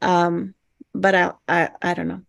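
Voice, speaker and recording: A woman's voice: fairly low pitch, level tone, unhurried, vocal fry, fairly bright tone. A woman chatting on a video call, hesitant and self-deprecating. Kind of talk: casual online group chat.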